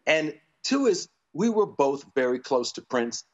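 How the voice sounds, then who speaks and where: A man's voice: a little high, sing-song, a little slow, dull audio. A middle-aged man, a guest on a talk show, chatting in a playful, joking way. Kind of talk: casual interview chat. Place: TV studio with live audience.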